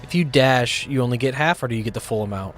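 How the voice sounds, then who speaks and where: A man's voice: mid-range voice, quick pace, soft background music. A man playing in a tabletop game, reading out and checking rules. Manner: rules-focused, reads rules aloud. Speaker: player. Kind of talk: casual tabletop play.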